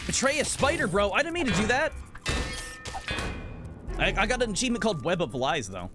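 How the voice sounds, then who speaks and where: A man's voice: sits high, very animated, brisk, loud music behind the voice. A young man streaming a game, rambling and swearing as he plays. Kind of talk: casual live gameplay commentary. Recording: loud game engine noise behind.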